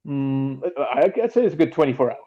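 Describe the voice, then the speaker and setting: A man's voice: mid-range voice, animated, fairly quick, muffled recording. A man who is a guest on a gaming podcast, speaking casually and hesitantly as he searches for words.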